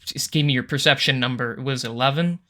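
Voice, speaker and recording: A man's voice: medium pitch, quick pace, pushed and bright. A man narrating as game master in a casual, hesitant way.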